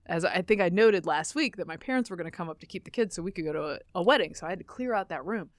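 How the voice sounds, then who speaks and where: A woman's voice: lowish voice, animated, fast, no echo, clean studio sound. A middle-aged woman co-hosting a podcast, telling stories in a chatty way, laughing easily and correcting herself. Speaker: podcast co-host. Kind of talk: casual chat.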